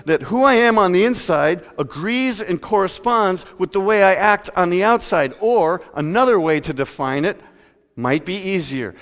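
A male pastor preaching a sermon, talking conversationally and swinging between loud emphasis and quiet asides. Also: high voice. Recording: long hall reverb.

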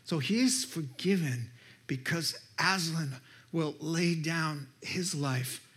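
Male preacher, storytelling sermon, slow and emphatic, slightly high voice. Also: a bit bright. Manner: storytelling, emphatic, asks the listeners questions.

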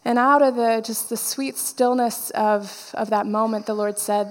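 A woman's voice: on the high side, fairly even intonation, a little slow. Woman preaching in an echoing hall. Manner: storytelling, acting out quoted dialogue. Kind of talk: personal testimony sermon.

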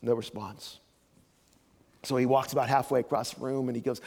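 A man's voice: mid-range voice, normal speed, creaky, darkish tone, big-room sound. An older man preaching a sermon as pastor, telling folksy stories with joking asides.

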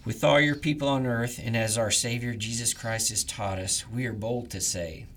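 A man leading morning prayers, reading the liturgy in a measured, reverent way. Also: medium pitch, steady tone, fairly bright tone, slight background noise. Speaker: prayer leader.

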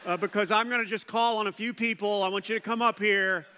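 A man preaching a sermon as pastor, animated and acting out quoted voices. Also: high-pitched, quick pace, slight background noise. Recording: long hall reverb.

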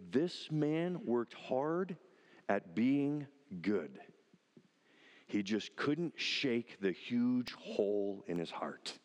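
Male pastor, mid-pitched, very animated delivery, recorded with a long hall echo. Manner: animated, acting out quoted lines with rising emphasis. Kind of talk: sermon.

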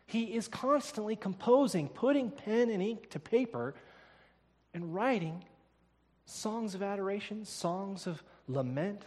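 High-voiced preacher in an echoing church. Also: male voice, husky. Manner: emphatic, builds to loud declarations. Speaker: pastor. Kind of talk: sermon. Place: church sanctuary. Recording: long reverb of a church hall.

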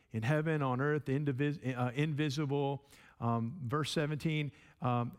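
A man's voice: medium pitch, steady tone, moderate pace, clear, resonant tone. A man teaching a sermon in a conversational way, often repeating words and checking in with his listeners. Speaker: pastor.

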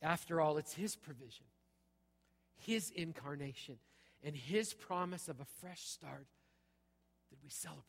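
A man's voice: on the high side, a little slow, creaky, long pauses, a bit bright, husky. A middle-aged male pastor preaching a sermon, punchy and conversational, checking in with "okay?" again and again. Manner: punchy, repeats "okay?" often. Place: church sanctuary. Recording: long hall reverb.

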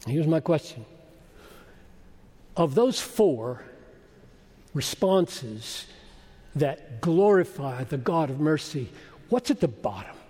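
A man preaching a sermon, emphatic and swelling to loud exclamations. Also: fairly high pitch, very animated, takes it slowly, long pauses, breathy edge. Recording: long hall reverb.

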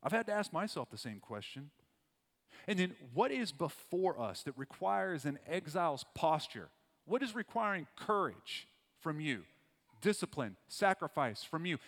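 A man's voice: a little high, big pitch swings, normal speed, a bit bright. A man preaching a sermon to a church congregation, earnest and emphatic, repeating his key phrases. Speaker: pastor. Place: church auditorium. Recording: long hall reverb.

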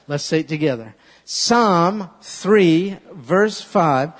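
A man preaching a sermon as a pastor, animated and leading his listeners in repeating a verse aloud. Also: a little high, slow, husky. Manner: animated, leads congregation in call-and-response recitation. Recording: long reverb of a large hall.

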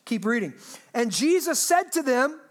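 Woman pastor preaching, high voice, jokey, keeps asking the crowd questions. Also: moderate pace. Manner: lively, humorous, asks the audience rhetorical questions. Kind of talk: sermon.

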